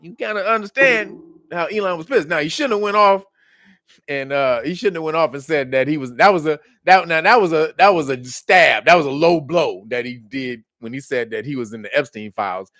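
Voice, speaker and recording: Casual commentary host, man, lively storyteller, slightly high, dry mic. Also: brisk, dry recording. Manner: animated storytelling, acts out quotes in high mocking voices, laughs often.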